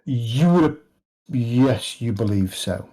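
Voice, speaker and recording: A man narrating a tabletop game as game master, in a halting, restarting manner. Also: medium pitch, lively intonation, mellow, breathy edge, poor audio.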